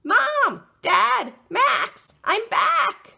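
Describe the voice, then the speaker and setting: A woman voicing a small, cheerful lost male dog in a storybook with a high eager voice. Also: sing-song, measured pace, vocal fry, sharp tone, exaggerated voice.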